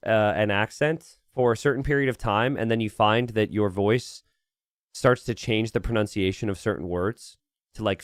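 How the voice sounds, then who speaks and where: A streamer with a mid-range voice rambles through casual live commentary on a strategy game, reading chat and talking back to it as he thinks aloud. The recording is clean studio sound with no echo.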